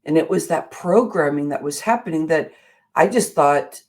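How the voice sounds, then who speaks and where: A woman's voice: sits low, expressive, normal speed, a little mellow. A middle-aged woman hosting a motivational show, telling a personal story in an earnest, emphatic way. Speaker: show host.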